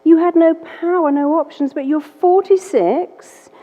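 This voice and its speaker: A woman hypnotherapist telling a client story in an animated way, acting out both sides of the dialogue. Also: very high voice, unhurried. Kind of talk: storytelling talk. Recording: dull audio in a reverberant hall.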